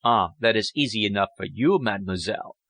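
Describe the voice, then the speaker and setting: A man's voice: lowish voice, fairly quick, a bit bright, dry recording, pitched below the performer's own voice. A man playing a poor, lovesick young officer who talks in a brooding, earnest way. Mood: gloomy.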